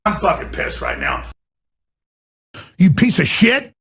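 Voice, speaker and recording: An actor voicing a raging, unhinged game character who rants and swings from muttering to shouting. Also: medium pitch, big pitch swings, slow, gravelly, slightly rough, exaggerated voice.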